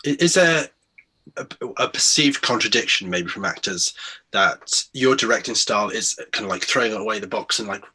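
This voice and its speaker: A man's voice: on the low side, animated, moderate pace, pushed and bright, breathy edge. A young man interviewing, asking questions hesitantly with many restarts. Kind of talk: conversational interview.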